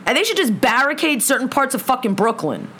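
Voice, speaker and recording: A woman's voice: high-pitched, big pitch swings, a little fast, fairly bright tone, slight background noise. Fired-up swearing woman ranting. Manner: heated, swearing constantly. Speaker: vlogger. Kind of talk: angry profane rant. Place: lives in a big city apartment.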